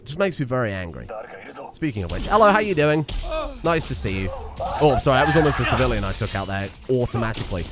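A man's voice: medium pitch, lively intonation, quick pace. A man streaming a video game, rambling and self-mocking, swearing casually as he goes. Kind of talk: casual gameplay commentary.

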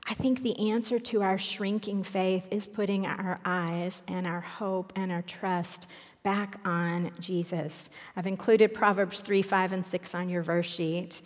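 A woman's voice: medium pitch, fairly even intonation, measured pace, in a large hall. A woman giving an earnest, personal Bible teaching, reading scripture aloud in a church.

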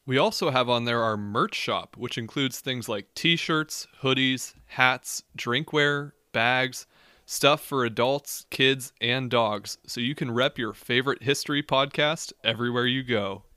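A man with a bright, sharp voice sits in as co-host and adds quick questions and wisecracks to the story. His recording is very dry with no room sound. He shifts easily into reading the show's promo lines. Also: medium pitch, clean tone, no room sound. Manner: quips and asks questions, chatty. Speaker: podcast co-host. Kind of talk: casual chat and ad reads.

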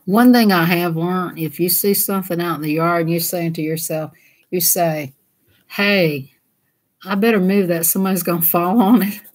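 A woman's voice: lowish voice, steady tone, moderate pace. A woman who hosts a coloring channel chats casually while she colors. She giggles a lot and keeps slipping into silly voices.

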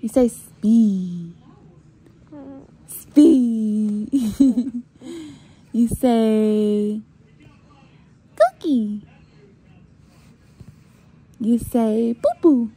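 A mother gently coaxing her young son to say words, repeating them softly, in a hospital room. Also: a little high, very slow, pauses often, slightly rough. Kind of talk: baby talk with her son.

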